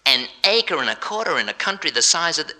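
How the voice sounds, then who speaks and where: A man's voice: fairly high pitch, sing-song, bright, forceful tone, heavily acted, poor audio. A man voicing a boastful big American tourist who brags about the size of his ranch. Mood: astonished. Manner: bragging, brisk and showy.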